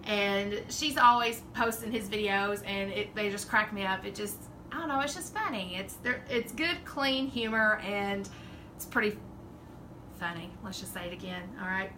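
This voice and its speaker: A woman's voice: medium pitch, normal speed, sharp tone, slight background noise, low-quality recording. A woman with a Southern drawl chatting casually and rambling as the host of a home craft livestream. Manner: chatty, rambling, laughs often. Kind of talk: casual live-stream chat.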